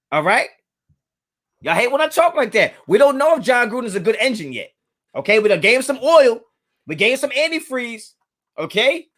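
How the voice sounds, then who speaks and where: This sports fan livestream host has an extremely high voice with big pitch swings, delivered briskly in a pushed, bright tone. Talking straight to his chat, he keeps it casual and emphatic and says his points more than once.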